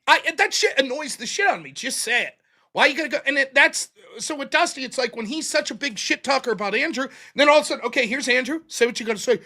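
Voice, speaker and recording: A man's voice: very high-pitched, fast talker, pushed and bright. A man hosting a livestream, ranting casually with profanity and mocking impressions of others. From United States. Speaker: host. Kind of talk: casual livestream debate chat.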